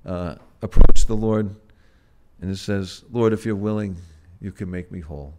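A man preaching a sermon in a gentle, halting way, pausing often and swelling loud on key words before dropping soft again. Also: lowish voice, fairly even intonation, background noise. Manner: gentle, halting, with frequent "uh" and restarts.

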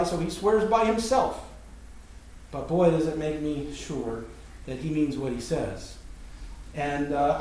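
A man's voice: fairly high pitch, a little mellow. Echoey male preacher, far from mic. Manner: explanatory, conversational, emphatic. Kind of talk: Bible teaching sermon.

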